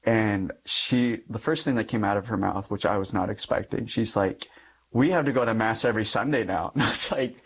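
Husky-voiced young priest telling his story. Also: lowish voice, fairly quick. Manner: storytelling, acting out quoted dialogue, frequent light laughs. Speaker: Catholic priest. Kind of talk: personal testimony in conversation.

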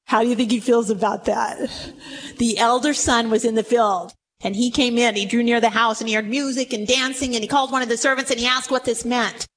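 A woman preaching a sermon to a room, retelling a story with animated, dramatic delivery. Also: a little high, a little fast, slight background noise, low-quality recording. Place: room with audience.

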